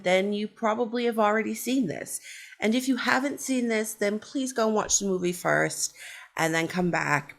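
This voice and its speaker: Brief: middle-aged woman, lowish voice, sarcastic and foul-mouthed, casual horror-fan rant. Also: vocal fry. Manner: sarcastic, profane, storytelling. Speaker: horror vlogger.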